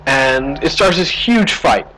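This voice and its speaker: A man's voice: fairly high pitch, expressive, slow pace, sharp tone, poor audio. A man streaming a game live, chatting and rambling through a story between moves. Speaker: gaming streamer. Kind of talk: live gameplay commentary.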